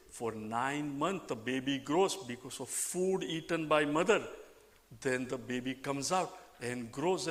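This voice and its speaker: A man's voice: fairly high pitch, fairly bright tone, in a large hall. A man with an Indian accent giving a scripture class, explaining ideas patiently and checking in with "right?" after each point. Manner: conversational teaching with frequent rhetorical "right?". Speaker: spiritual teacher.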